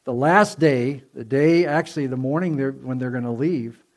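A man's voice: mid-range voice, normal speed, a little mellow. A man preaching a sermon in a conversational storytelling way, with many fillers and restarts, to a church congregation.

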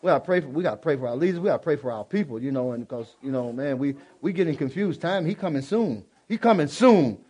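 A man's voice: on the high side, lively intonation, fast talker, hardly any pauses, dark tone, slightly rough. A man preaching a sermon in a folksy, exclaiming way. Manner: folksy, exclaiming, prone to laughter.

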